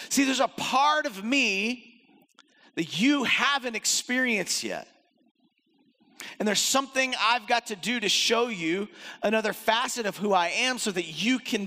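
A man preaching a sermon in an animated way, acting out the voices he quotes and swinging between loud and soft. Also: high voice. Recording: long hall reverb.

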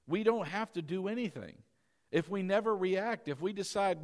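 A middle-aged man preaching a sermon as pastor, animated, asking the congregation rhetorical questions and acting out quoted lines. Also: sits high, normal speed.

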